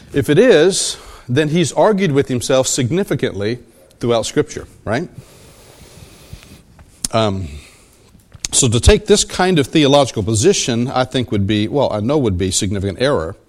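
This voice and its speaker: A man's voice: mid-range voice, lively intonation, moderate pace, long pauses, darkish tone. A man preaching a sermon as pastor, teaching verse by verse and often repeating and rephrasing his questions to the congregation. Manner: asks the congregation for assent.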